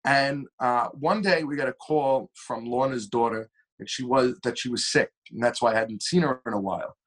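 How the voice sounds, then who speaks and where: A young man, a singer telling stories as a podcast guest in a lively, animated way. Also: normal speed. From Long Island, New York. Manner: animated storyteller with shifting pitch and pace. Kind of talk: casual storytelling interview.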